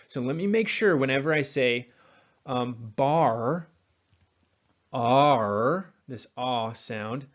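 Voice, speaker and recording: General American man teaching pronunciation, medium pitch, slow repeated demos, mildly muffled recording. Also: fairly bright tone. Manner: demonstrates sounds slowly, repeats words. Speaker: accent coach.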